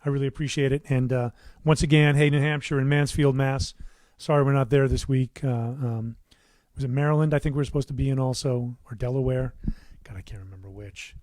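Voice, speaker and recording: Middle-aged male musician, relaxed rambling livestream host, dry close studio sound. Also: mid-range voice, fairly quick, hardly any pauses, no echo. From United States. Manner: rambling, warm asides, many fillers and restarts. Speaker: musician hosting his own livestream. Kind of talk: casual livestream chat. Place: his home recording studio.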